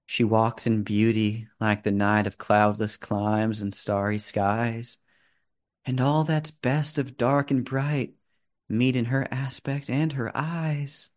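A man voicing a sad, soft-spoken young ghostly woman who speaks very quietly and wistfully. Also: medium pitch, steady tone, slow pace, lightly acted.

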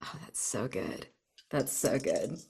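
Low-voiced, eager woman player. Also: animated, slow pace, creaky, a little mellow, husky. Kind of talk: casual tabletop game play.

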